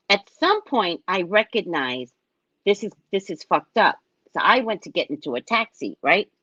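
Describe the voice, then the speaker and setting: A woman with a lowish voice tells a rambling anecdote as a show host, her pitch swinging widely as she acts out other people's lines. The sound is dry and a bit dull, like a lo-fi recording. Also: a bit bright, no room sound. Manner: frequent tag question "right?". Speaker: show host and psychic reader. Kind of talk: casual anecdote telling.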